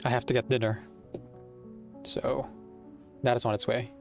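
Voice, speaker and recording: A man's voice: medium pitch, little pitch movement, moderate pace, gravelly, faint music behind. Rambling man chatting while gaming. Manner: rambling, self-correcting. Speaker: streamer. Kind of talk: casual chat while playing a game.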